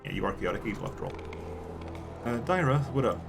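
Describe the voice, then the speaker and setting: A man's voice: on the low side, lively intonation, fast talker, vocal fry. A man streaming a game, reading it aloud and commenting in a wry, offhand way. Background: game music.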